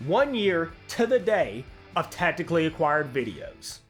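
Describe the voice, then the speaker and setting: A man hosting his own channel, reading a scripted narration in a sarcastic, self-deprecating way, with a velvety smooth voice. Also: fairly high pitch, sing-song, a little slow, a bit bright, faint music behind. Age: adult with a career. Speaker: YouTube channel host.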